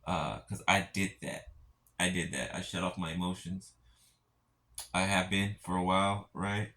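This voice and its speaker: A man speaking gently to his viewers in a heartfelt spiritual encouragement talk, halting and repeating himself as he reassures them. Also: deep voice, steady tone. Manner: gentle, halting, keeps asking "right?".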